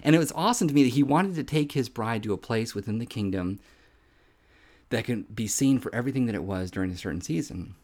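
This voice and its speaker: A man's voice: mid-range voice, expressive, fast talker, a little mellow. A man in his thirties giving an informal podcast sermon, earnest and conversational, often saying "man" and repeating himself. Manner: earnest, conversational, says "man" often, with repetitions and little laughs. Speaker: podcast Bible teacher.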